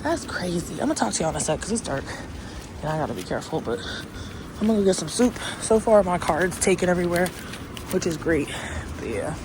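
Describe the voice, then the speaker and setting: A woman's voice: fairly low pitch, expressive, quick pace. Chatty woman vlogging on a noisy street. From United States. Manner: chatty, talks straight to camera with laughs and slang. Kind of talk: casual vlog. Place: outdoors on city streets and in shops. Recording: phone audio with street noise.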